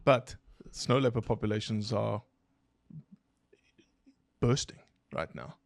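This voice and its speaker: A man's voice: lowish voice, takes it slowly, gravelly, no room sound. A man, a biologist guest on a podcast, telling stories and quizzing his hosts. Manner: animated explainer, poses questions to listeners. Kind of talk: podcast interview storytelling.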